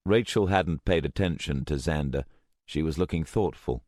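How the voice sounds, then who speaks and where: Male audiobook narrator, very deep voice, lively intonation, dry close recording. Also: moderate pace, no room sound. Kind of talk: scripted narration. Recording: dry close studio sound.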